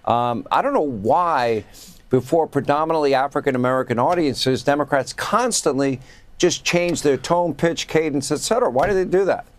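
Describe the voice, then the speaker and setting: A man's voice: fairly high pitch, moderate pace. A man hosting a news talk show, introducing guests and clips with chatty, chuckling asides. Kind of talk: cable news commentary.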